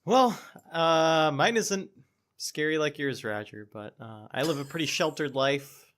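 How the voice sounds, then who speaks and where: A man's voice: on the high side, a little slow, a bit bright, slight background noise. A man co-hosting a gaming podcast, telling a story in a rambling, self-mocking way with lots of fillers. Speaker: podcast co-host. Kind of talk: casual storytelling.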